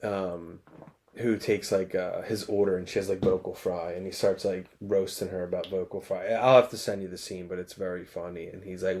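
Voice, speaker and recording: A man's voice: low-pitched, steady tone, a little fast, a little mellow. A man co-hosting a podcast in casual chat, easygoing as he retells comedy scenes. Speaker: podcast co-host.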